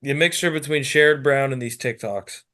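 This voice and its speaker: A man's voice: mid-range voice, moderate pace, bright, forceful tone. A man co-hosting a comedy podcast, laid-back, mostly answering with short, dry replies. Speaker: co-host. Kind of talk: casual comedy podcast chat.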